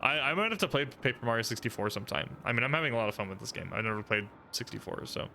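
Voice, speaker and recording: A man's voice: medium pitch, lively intonation, very fast, gravelly, pushed and bright, slight background noise. A man streaming a video game, chatting casually in a giggly, rambling, self-deprecating way. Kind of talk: casual gameplay commentary. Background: game music.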